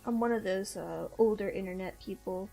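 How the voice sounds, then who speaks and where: A gravelly, dark-toned voice of medium pitch at normal speed belongs to a young woman hosting a stream. With a mixed Midwestern and Southern American accent, she chats casually, rambling and laughing frequently, as faint music plays.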